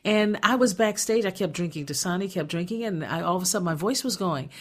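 Minnesota lady hosting a radio talk show, lowish voice, chatty, keeps restarting. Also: fast talker. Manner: chatty and emphatic, many restarts. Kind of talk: casual radio chat. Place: radio studio.

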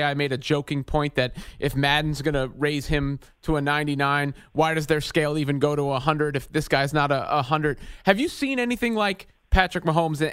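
A man hosts a sports radio show from a studio, asking long conversational questions and often restarting his words. His voice sits a bit high and sounds smooth and resonant. The close studio mic keeps it dry. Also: a bit bright, no echo.

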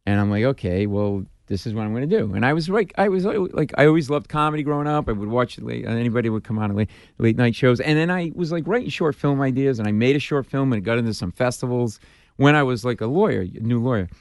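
A man from Providence spinning comic stories in a studio interview, acting out every line of dialogue. His voice sits at an ordinary middle pitch, and the sound is close and dry. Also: fast, no room sound. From Providence, Rhode Island. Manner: animated, punchline-driven storyteller who acts out dialogue. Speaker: guest comedian. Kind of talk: storytelling in a casual interview.

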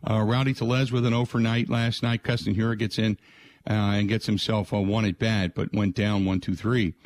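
A man's voice: lowish voice, flat delivery, normal speed, darkish tone. A man hosting a sports radio show, talking casually through last night's game with plenty of fillers. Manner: conversational, frequent "uh" fillers, rattles off game stats. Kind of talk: sports talk radio monologue.

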